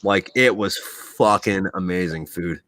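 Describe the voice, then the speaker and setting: A man hosting a podcast who is a military veteran, telling profane, animated stories in casual chat. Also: deep voice, a little slow, slight background noise.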